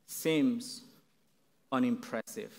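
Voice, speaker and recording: A man preaching a sermon, speaking in a halting way with frequent restarts and fillers. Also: mid-range voice, vocal fry, darkish tone. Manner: slow, halting delivery with repeated restarts and fillers.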